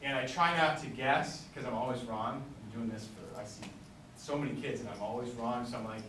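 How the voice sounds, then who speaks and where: A man's voice: mid-range voice, fairly quick, background noise. Man telling classroom stories in an echoey hall. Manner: storytelling, acts out quoted dialogue. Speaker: symposium speaker. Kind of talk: conference talk with anecdotes. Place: lecture room. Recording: echoey room, distant mic.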